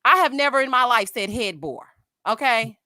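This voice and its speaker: Dry, studio-quality audio of a woman with a sharp, higher voice, lively intonation and moderate pace. A sassy YouTube commentary host from Houston with a Southern Texas twang, late thirties or about forty, she delivers a dramatic, animated casual rant and keeps calling her viewers honey and child.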